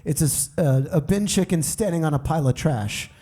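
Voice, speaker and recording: Mellow, slightly high male voice. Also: lively intonation, fairly quick. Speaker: guest musician. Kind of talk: live podcast chat. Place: live show on stage.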